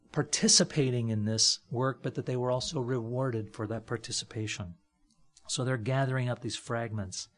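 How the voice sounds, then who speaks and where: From a church platform, a man with a mid-range voice preaches a conversational, folksy sermon, sprinkling in joking asides and frequent fillers.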